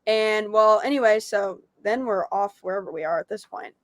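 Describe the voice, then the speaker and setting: A young woman, a podcast guest telling a story with lively, laughing energy. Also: medium pitch, moderate pace, dry recording, clean studio sound. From Tennessee. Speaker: podcast guest, disc golf pro. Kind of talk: casual storytelling interview.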